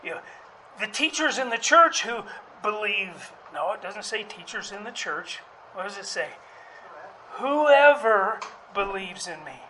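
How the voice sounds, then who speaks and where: Bright, high-voiced preacher. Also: male voice, expressive, normal speed, slight background noise, poor audio. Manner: conversational, with fillers and restarts, rising to emphatic calls. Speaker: pastor. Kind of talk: sermon.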